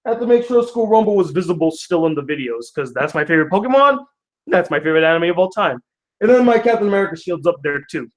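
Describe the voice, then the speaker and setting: Profane, joking young man, high voice. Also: big pitch swings, quick pace. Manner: profane, joking, self-deprecating. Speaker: vlog host reading fan mail. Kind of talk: casual rambling vlog. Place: home room.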